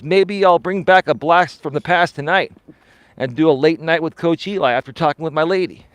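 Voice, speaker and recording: A middle-aged man telling a personal story on a casual live stream while walking outdoors, animated and swearing casually. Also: a little high, no room sound. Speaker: life coach and host.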